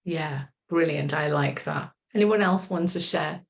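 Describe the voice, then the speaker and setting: A woman coach leading a group session over a video call, guiding a relaxation exercise in a gentle, encouraging, chatty way. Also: sits low, unhurried, vocal fry. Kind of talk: guided relaxation instruction.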